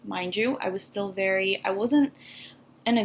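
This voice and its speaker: A young adult woman telling a personal story to camera in a candid, halting way, with many fillers and restarts. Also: medium pitch, slight background noise. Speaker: vlogger.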